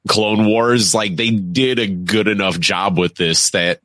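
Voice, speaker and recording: Playful low-voiced man, bright tone. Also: steady tone, measured pace, dry recording. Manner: playful, laughs a lot. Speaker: podcast co-host. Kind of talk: casual chat.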